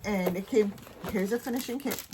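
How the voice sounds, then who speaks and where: A woman with a Caribbean accent chatting casually as she shows off her stitching patterns, trailing off and dropping to a soft near-whisper now and then. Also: mid-range voice, normal speed, noisy background. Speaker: cross-stitch vlogger. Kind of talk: casual show-and-tell chat.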